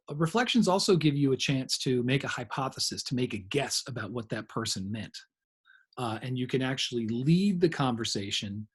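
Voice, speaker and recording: A middle-aged man leads a training lecture in a slightly husky voice. He talks conversationally and walks through ideas with examples and asides. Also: medium pitch.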